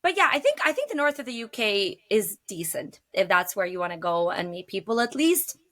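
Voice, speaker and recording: A woman's voice: medium pitch, very animated, a little fast, bright, forceful tone. A woman guest on a podcast, chatting frankly and animatedly about dating. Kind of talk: casual chat.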